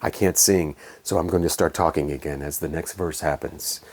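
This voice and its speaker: A man doing an impression of a male celebrity crooner who talks his way through song lyrics in a slow, murmured voice. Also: rumbling low, fairly even intonation, darkish tone, voice pushed down. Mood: crooning.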